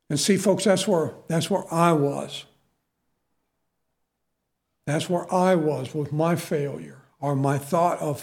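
A middle-aged man preaching a sermon in a conversational, self-deprecating way, full of asides to the listeners. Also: a little high.

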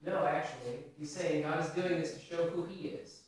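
A male pastor with a fairly high, steady voice preaches conversationally at a moderate pace, putting questions to his congregation. He sounds distant, recorded in a very echoey hall.

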